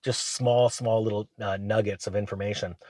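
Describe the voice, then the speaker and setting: A man, hosting his channel and telling rambling, animated business stories in casual chat. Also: fairly low pitch, moderate pace, no room sound. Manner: rambling, animated anecdotes with acted quotes. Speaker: channel host. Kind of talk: casual storytelling monologue.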